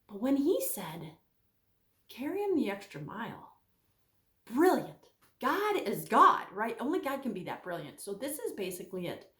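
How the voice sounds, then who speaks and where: A woman giving a casual Bible teaching talk, animated, acting out the voices she quotes. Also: on the high side, normal speed, reverberant.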